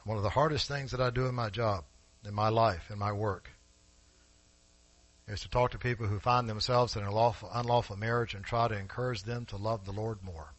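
A man preaching a sermon in a church, emphatic and rising to forceful peaks, speaking directly to his congregation. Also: on the low side, fairly even intonation, a little fast, no echo, low-quality recording. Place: church sanctuary.

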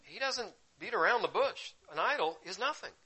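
A man preaching a sermon, teaching with sudden bursts of loud emphasis that drop into quiet asides. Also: high voice, lively intonation, moderate pace, slightly rough, poor audio. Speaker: pastor.

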